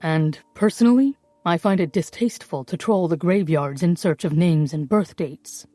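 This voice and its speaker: A woman voicing a brisk, clever male forger who talks down to people in a dry, condescending way. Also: on the low side, warm tone, dry recording, lightly acted.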